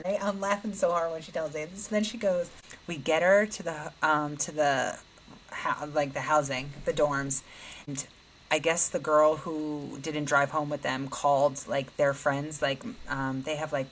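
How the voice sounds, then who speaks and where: A middle-aged woman with a low voice co-hosts a chatty podcast. She tells a long story and acts out what others said, laughing often. A faint hum of room noise sits under her voice. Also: steady tone, unhurried, poor audio. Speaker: podcast co-host. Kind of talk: casual chat, animated storytelling.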